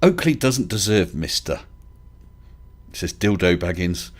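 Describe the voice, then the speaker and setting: A man hosts a casual live stream in a fairly low voice whose pitch rises and falls a great deal. He talks in a chatty, hesitant way, restarting his sentences and chuckling. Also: big pitch swings, measured pace. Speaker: livestream host.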